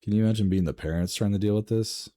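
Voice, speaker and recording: A man reading online stories aloud and reacting with laughs, swearing and sudden jumps in pitch. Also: quick pace, mellow. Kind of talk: casual reading and commentary.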